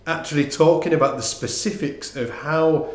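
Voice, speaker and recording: A man giving a casual online bass lesson, talking in a relaxed, rambling way with lots of fillers and restarts. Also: normal speed, reverberant. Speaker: bass teacher. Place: room with instruments, bass played along.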